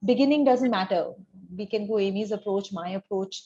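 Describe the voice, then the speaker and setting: A woman's voice: mid-range voice, moderate pace, warm tone, a little hiss or hum. A woman counseling a student on an admissions essay over a video call, in a reflective way that builds on vivid example stories. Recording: dull, lo-fi video call audio.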